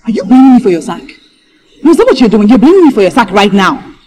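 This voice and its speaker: A woman with a Nigerian accent playing a scornful wife who shouts insults at her jobless husband in public, in a movie. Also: a little high, big pitch swings, quick pace. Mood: scolding. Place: outdoors in public.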